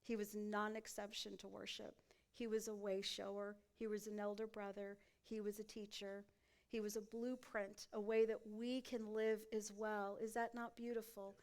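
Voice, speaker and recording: A woman's voice: mid-range voice, level tone, normal speed, darkish tone. A woman pastor preaching a sermon in a church sanctuary, often turning to the congregation with rhetorical questions.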